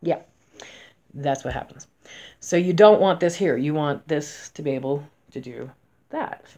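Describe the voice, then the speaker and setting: A woman in her forties, a spellcaster, talking casually to camera in a chatty, emphatic way, going from loud to soft. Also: low-pitched, normal speed. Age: 40s.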